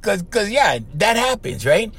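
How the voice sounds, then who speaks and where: A man's voice: high-pitched, big pitch swings, unhurried, fairly bright tone, breathy edge. A middle-aged man from Hawaii with a Hawaiian Pidgin-tinged accent, hosting a casual solo podcast, rambling and chuckling, tagging lines with "right?" and "okay?". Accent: Hawaiian Pidgin-tinged English. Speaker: podcast host.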